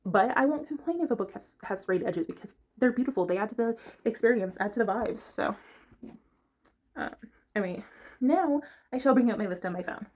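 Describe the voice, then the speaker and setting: A woman's voice: a little high, expressive, brisk, a little mellow. A woman chatting casually about books from her bedroom, rambling and stopping to hunt for the right word. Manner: chatty, rambling, gropes for words. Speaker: book reviewer. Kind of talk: casual chat.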